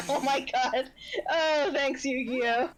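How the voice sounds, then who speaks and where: Giggly high-pitched woman gamer. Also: fairly even intonation, drawn-out words, a little hiss or hum, rough recording. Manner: giggly, tells stories through fits of laughter. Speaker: player. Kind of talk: casual tabletop game chat.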